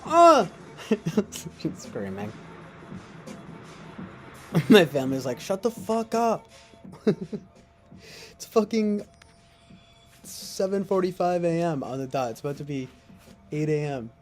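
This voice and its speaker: A man's voice: fairly high pitch, lively intonation, slow pace, long pauses, a little mellow, soft background music. A young man streaming from his couch at home. He rambles and jokes with profanity, laughs often and improvises silly raps. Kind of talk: rambling late-night stream chatter.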